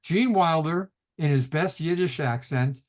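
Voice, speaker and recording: A man's voice: a little high, a little slow. A middle-aged man, a rabbi, teaching a class over a video call, telling stories casually with laughs and restarts. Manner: chatty storyteller, laughs often, restarts sentences.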